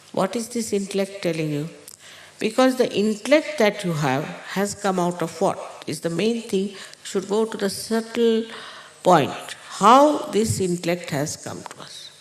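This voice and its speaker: Woman, spiritual teacher, slow halting talk, pauses and fillers, echoey hall. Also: fairly low pitch. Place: large indoor gathering hall.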